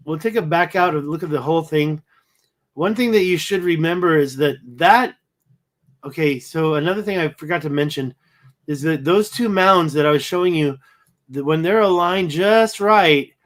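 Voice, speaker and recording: This man has a somewhat high voice and sounds worn out. He hosts a casual livestream and rambles, thinking aloud as he looks over pictures. He keeps wondering out loud and trailing off. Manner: rambling, thinking aloud while browsing photos. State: tired, yawning. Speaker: livestream host.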